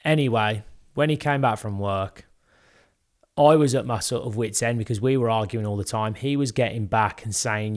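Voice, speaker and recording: A man's voice: on the low side, moderate pace. A young British man co-hosting a podcast, telling a personal story in an earnest, candid way. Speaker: podcast co-host. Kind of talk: casual podcast chat.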